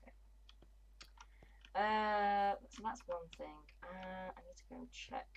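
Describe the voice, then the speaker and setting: A woman's voice: medium pitch, takes it slowly, long pauses, dull audio, background noise. A woman, chatting casually and bluntly on a gaming livestream. She swears freely and mutters to herself as she plays. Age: 20s. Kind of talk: casual livestream chat while playing.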